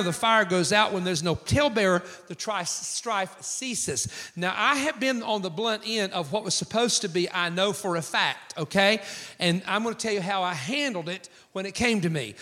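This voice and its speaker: A man preaching a sermon, telling stories with acted-out quotes. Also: high-pitched. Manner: animated storytelling with acted quotes. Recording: long hall reverb.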